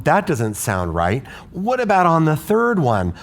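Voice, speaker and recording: Male music teacher, slow steady delivery, patient and questioning, walks listeners through a lesson. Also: mid-range voice. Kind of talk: explaining a classroom lesson.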